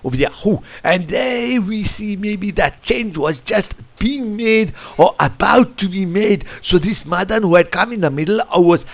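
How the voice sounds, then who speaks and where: A man coaching football, reviewing a match over a tactics board in an animated, rambling way. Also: high-pitched, normal speed, hardly any pauses. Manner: animated, rambling, keeps saying "I tell you". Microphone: computer mic. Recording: lo-fi screen recording.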